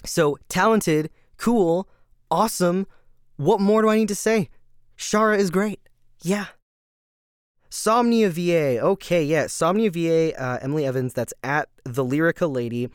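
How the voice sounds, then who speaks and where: A man hosting a casual rambling podcast, gushing and excitable, full of fillers and laughs. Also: a little high, moderate pace, smooth, no room sound, studio quality. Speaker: podcast host.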